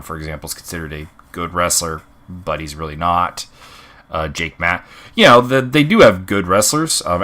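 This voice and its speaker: A man with a deep voice and a bright, forceful edge talks through his fight picks off the cuff. He rambles, restarting sentences and filling pauses with ums and uhs. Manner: rambling, many fillers and restarts. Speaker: MMA fight predictions host. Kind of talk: casual unscripted commentary.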